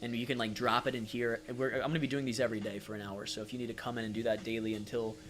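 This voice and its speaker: A man's voice: medium pitch, flat delivery, rapid-fire, a bit bright. A man hosting a casual livestream, speaking affectionately and supportively with many fillers, reading viewer comments aloud. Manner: reads chat comments aloud. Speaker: livestream host.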